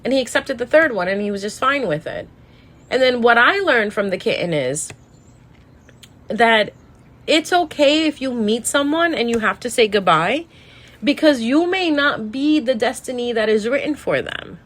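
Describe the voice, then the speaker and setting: A woman's voice: a little high, a bit bright. Emotional woman rambling through a sad story. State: sad, tearful. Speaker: tarot reader. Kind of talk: casual storytelling monologue.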